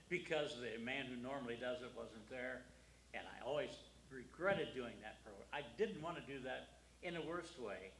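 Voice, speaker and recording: A man's voice: mid-range voice, a bit bright, reverberant, a little hiss or hum, poor audio. A man, a veteran broadcaster, telling funny anecdotes as a talk show guest. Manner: chuckling anecdotes. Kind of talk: casual talk show chat.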